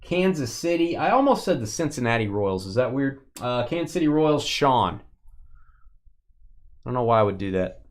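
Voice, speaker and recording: A man keeps up easy, joking patter while hosting a live card-break stream. He calls out viewers by name and banters between cards, in a voice of ordinary middle pitch for a man. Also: sing-song, moderate pace.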